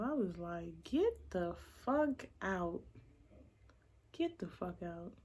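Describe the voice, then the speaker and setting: Blunt, gravelly young woman vlogger. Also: on the low side. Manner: blunt, profane, animated retelling with quoted voices. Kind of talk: casual storytime chat.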